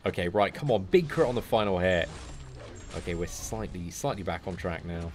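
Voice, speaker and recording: A man's voice: sits low, expressive, moderate pace, soft background music. A man giving live commentary on a mobile game to his viewers, chatting with chat and breaking into sweary, frustrated outbursts. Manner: chats to his viewers between fights.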